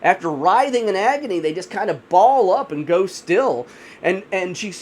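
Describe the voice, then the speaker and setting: High-voiced man casually telling a horror story. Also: lively intonation, darkish tone, a little hiss or hum. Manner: chatty retelling full of "you know" fillers; slows down for grisly moments. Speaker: storyteller host.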